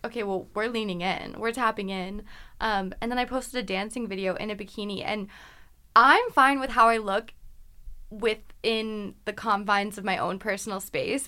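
A young woman in her twenties hosting a casual chat, telling animated stories with frequent giggles. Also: medium pitch. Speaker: podcast host.

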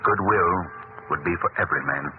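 An actor playing a kindly, suave gentleman hero in a 1940s radio drama, earnest and lively. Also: low-pitched, brisk, natural voice. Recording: tinny old radio broadcast with hiss.

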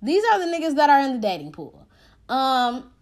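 A woman hosting a podcast from her bed at home, telling a story in a casual, animated way full of slang and swearing, recorded on a phone. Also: sits high, moderate pace. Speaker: podcast host.

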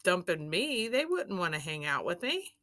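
A woman's voice: lowish voice, very animated, normal speed, sharp tone. A woman co-hosting a podcast, talking bluntly and emphatically in a casual reality-TV recap chat, swearing freely. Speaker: podcast co-host.

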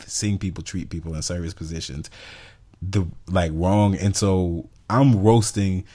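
A man's voice: sits low, measured pace, husky. A man co-hosting a podcast, telling a story in a casual, exasperated way and acting out the people in it. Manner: animated, exasperated, acts out quotes. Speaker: podcast co-host.

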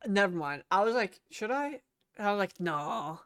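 A woman's voice: medium pitch, animated, normal speed, a bit bright, dry recording, clean studio sound. A woman co-hosting a podcast in casual chat, crude and self-mocking, laughing often. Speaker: podcast co-host.

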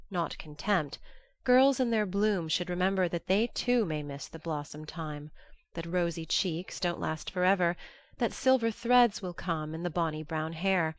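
A woman narrating an audiobook in a measured, gently earnest way. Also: lowish voice, dry recording. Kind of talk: audiobook reading.

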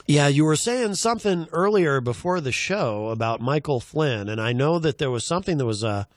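A man with a fairly high, bouncy voice hosts a talk show, teasing his co-host and sliding into playful slang. The recording is close and dry, with no room sound. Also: lively intonation, moderate pace, no room sound. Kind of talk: casual comedic banter.

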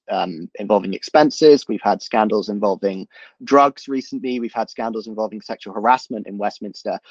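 A man's voice: on the low side, no echo, dull audio. A man in a political discussion, who talks thoughtfully and repeats words as he works out his points. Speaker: guest commentator.

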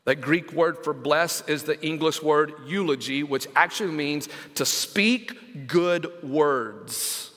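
A male senior pastor preaching a sermon, stressing scripture slowly and calling out to the congregation. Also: on the high side, a bit bright, big-room sound. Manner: emphatic, slows down to stress scripture; engages congregation with call-outs.

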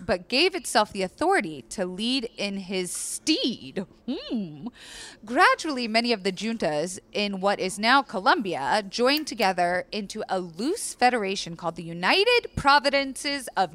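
A woman's voice: medium pitch, a bit bright. A woman, a guest author, reading history aloud on a podcast and breaking off into profane, joking asides. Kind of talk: casual podcast storytelling.

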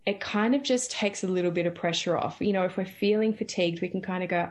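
Woman, lower pitch, gentle, reflective, casual wellness chat. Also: quick pace, few pauses. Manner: gentle, reflective, repeats phrases. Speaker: wellness guest. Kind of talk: casual podcast conversation.

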